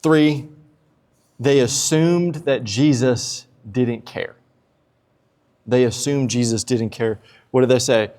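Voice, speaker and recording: A man's voice: medium pitch, slow pace, long pauses, darkish tone. A man preaching a sermon, casual and humorous, acting out quotes with energy. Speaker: pastor. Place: church sanctuary. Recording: long church reverb.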